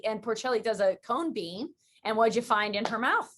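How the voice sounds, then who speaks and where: Lively woman podcast host from Western New York. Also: on the high side, slight background noise. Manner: lively storyteller, quick rambling asides. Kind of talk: casual interview chat.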